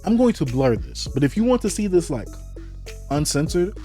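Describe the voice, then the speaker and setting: A young man unboxing manga in an excited, playful casual vlog, exclaiming and joking. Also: a little high, moderate pace, soft background music. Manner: hyped, playful, exclamatory with laughs.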